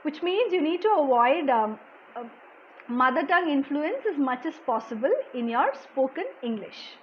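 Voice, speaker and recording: A soft-spoken woman from India, her voice high, leads a live online class and answers viewers one by one. She explains patiently and keeps saying "okay". The sound is dull and lo-fi with a faint hiss underneath. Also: animated, moderate pace. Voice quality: soft-spoken, low volume. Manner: explanatory, reads out viewer comments, frequent "okay". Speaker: language exam coach. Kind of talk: live-streamed lesson answering chat questions.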